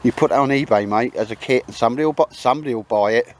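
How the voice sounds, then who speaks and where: Out in cold, wet woods, a vlog host with a mid-range voice talks rapid-fire. He chats and jokes casually, calling everyone mate.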